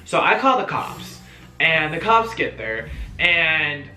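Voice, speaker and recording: Chatty young man telling a bright story. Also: on the high side, takes it slowly. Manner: chatty and animated, heavy on fillers and swearing. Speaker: vlogger. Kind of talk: casual story-time vlog. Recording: roomy echo, faint music.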